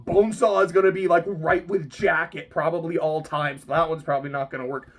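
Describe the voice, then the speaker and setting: Animated laughing book-reaction vlogger. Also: medium pitch, brisk. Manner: animated, laughs often, swears casually. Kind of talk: casual book-reading reaction.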